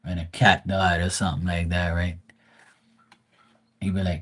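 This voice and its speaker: A man's voice: low-pitched, level tone, normal speed, breathy edge. A man grieving, talking casually and profanely in a rambling livestream, often restarting his sentences. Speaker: tarot reader streamer.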